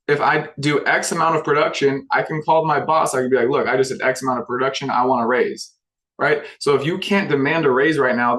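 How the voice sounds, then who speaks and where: A man's voice: medium pitch, rough recording. A man who leads an insurance sales team, giving a motivational talk with emphatic repetition and rhetorical questions. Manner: emphatic, repetitive, keeps asking "right?".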